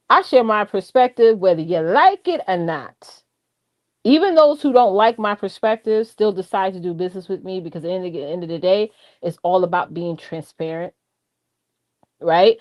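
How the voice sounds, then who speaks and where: A woman co-hosting a live stream, coaching viewers in a chatty, animated way, laughing often and talking straight to the chat. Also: lowish voice. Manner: drifts off track, repeats key points for emphasis. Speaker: live-stream co-host on branding and AI.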